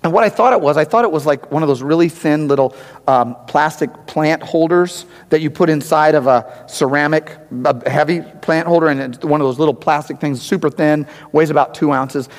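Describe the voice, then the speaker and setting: A man preaching a sermon, telling a personal story in a conversational, animated way and often checking in with his listeners. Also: a little high, a little fast, big-room sound.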